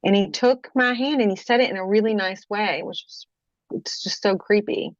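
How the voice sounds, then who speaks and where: Woman guest, mid-pitched, halting testimony with constant restarts and check-ins, dry slightly dull recording. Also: dry recording. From Kentucky, USA. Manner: halting, frequent restarts, keeps checking with "okay?". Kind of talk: personal testimony in interview.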